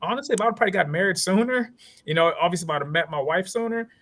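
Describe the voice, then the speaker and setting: Lawyer guy with a southern twang, kinda high voice, tells stories with lots of energy. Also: very fast. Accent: Southern US country twang. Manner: animated storytelling, acts out quoted voices. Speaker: lawyer and podcast guest. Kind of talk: casual interview talk.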